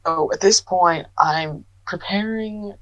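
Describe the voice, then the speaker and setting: Brief: woman player, low pitch, animated, hesitant, dry close sound. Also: takes it slowly, dry recording, lo-fi sound. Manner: thinking aloud, hesitant. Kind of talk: tabletop role-play chat.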